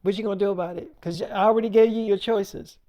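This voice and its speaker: A man's voice: sits high, steady tone, fast, dull audio, close to an everyday voice. A man voicing a jealous young woman who furiously confronts her boyfriend, blunt and profane. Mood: angry.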